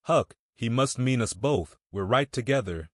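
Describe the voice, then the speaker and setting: A man's voice: mid-range voice, lively intonation, a little slow, no room sound, clean studio sound. A man voicing a mischievous, scared young boy with a rustic drawl in a storybook reading. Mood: earnest. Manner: rustic drawling boyish talk.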